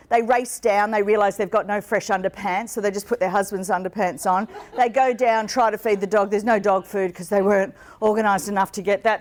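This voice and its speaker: A middle-aged woman giving a live business seminar to an audience with slides, lively and playful, slipping into mock voices for the people she describes. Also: a little high. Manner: lively, playful, mimics people in quoted asides. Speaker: business coach and speaker. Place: conference room with an audience.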